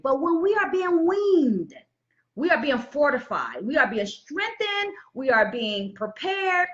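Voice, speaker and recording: A woman's voice: high voice, bright, forceful tone, dull audio. A woman giving an inspirational live-stream talk in a preachy way, repeating key phrases and greeting viewers by name. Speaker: motivational speaker.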